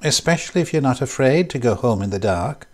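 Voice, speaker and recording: A man voicing Laura, a sharp, prickly young woman tram conductor. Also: mid-range voice, animated, a little fast, natural voice. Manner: sharp, clipped.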